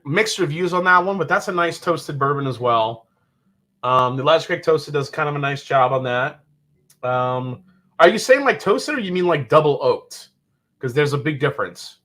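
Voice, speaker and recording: Lively, bright-voiced man hosting a stream. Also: fairly high pitch. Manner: joking, loose, profane. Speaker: livestream host. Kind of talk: casual live chat.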